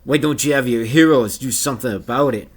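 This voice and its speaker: A man with a medium-pitched, natural voice speaks briskly as an angry, scarred bugbear chief in a tabletop game. Sneering and contemptuous, he spits insults.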